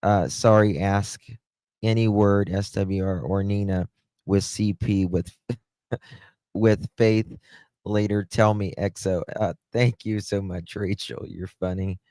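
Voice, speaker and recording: A man talks slowly in a low voice on a livestream. He greets his chat by name and drifts between topics in loose, unfinished sentences. The sound is dry and close, with no room around it. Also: fairly even intonation, dark tone, no room sound. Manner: chatty, greets viewers by name, trails off and restarts. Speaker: livestream host. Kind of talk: casual livestream commentary.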